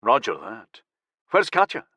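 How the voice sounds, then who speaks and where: A male narrator voicing a gruff, matter-of-fact middle-aged man in an audiobook. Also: mid-range voice, wildly swooping pitch, a little slow, bright, forceful tone, no echo, full character voice.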